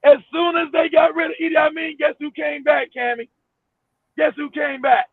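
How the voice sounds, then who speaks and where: High gravelly guy ranting, swearing a lot, sounds like a tinny phone line. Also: normal speed, no room sound. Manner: loud, animated, profane ranting. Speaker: co-host. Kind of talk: casual chat.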